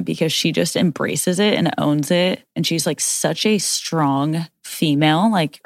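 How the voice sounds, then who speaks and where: A young woman talking casually on a podcast, her voice low and gravelly with plenty of vocal fry. She rambles happily and fills her sentences with "like." The sound is close and dry. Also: dry recording. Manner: chatty, rambling, heavy use of "like". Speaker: podcast co-host. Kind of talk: casual chat.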